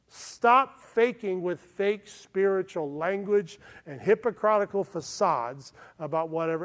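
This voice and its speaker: A man's voice: sits high, lively intonation, measured pace, few pauses. A man pastor preaching a sermon in an earnest manner, often checking in with his listeners. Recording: long hall reverb.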